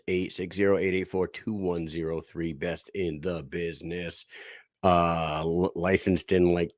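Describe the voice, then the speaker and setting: A man in his thirties hosting a casual podcast, his voice lowish and dry in a close, dead room. He talks loosely and swears freely, laughing easily. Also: fairly even intonation, a little slow, no room sound. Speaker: podcast host. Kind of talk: casual chat.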